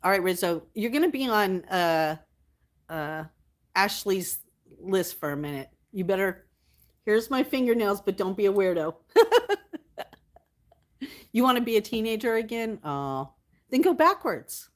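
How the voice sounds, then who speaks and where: A chatty woman hosting her own livestream, talking loosely and easily to her viewers. She keeps answering their comments as they come in and thanks them often and warmly. Her pitch sits in an ordinary middle range for a woman. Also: lively intonation, moderate pace. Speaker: livestream host. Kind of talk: casual livestream chat.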